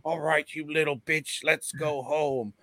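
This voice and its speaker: A man putting on a drunken, foul-mouthed British bloke who is shouting and cruel, in a higher voice than his own. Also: steady tone, a little slow, dry recording, clean studio sound. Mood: raging. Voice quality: shouting, crude.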